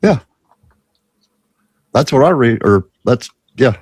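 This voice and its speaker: A man's voice: medium pitch, animated, takes it slowly, darkish tone, husky, no echo, studio quality. A man chatting casually with friends, wry and joking, laughing easily. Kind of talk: casual chat.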